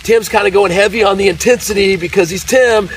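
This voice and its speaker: A man with a fairly high voice adds short agreements and asks questions in an easy, casual chat. He sits some way off the mic, with faint noise in the background. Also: fairly even intonation, a little fast, recorded from a distance, rough recording. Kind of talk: casual conversation.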